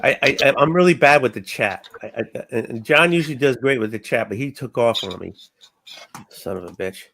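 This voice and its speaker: A man's voice: mid-range voice, moderate pace, creaky, fairly bright tone. A man from Massachusetts with an Azorean family background, co-hosting a casual livestream hangout and joking around, swearing freely. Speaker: stream co-host.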